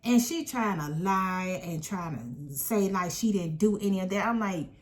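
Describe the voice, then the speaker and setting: A woman casually telling a personal story in an animated, emphatic way. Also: mid-range voice, normal speed. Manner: animated, emphatic retelling with quoted voices.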